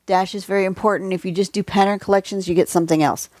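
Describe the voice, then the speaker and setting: A woman's voice: medium pitch, steady tone, fast, a little mellow, no echo, clean studio sound. A woman hosting a casual livestream drawing lesson, chatty and rambling with many asides, recorded on a phone at home. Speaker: drawing tutorial host.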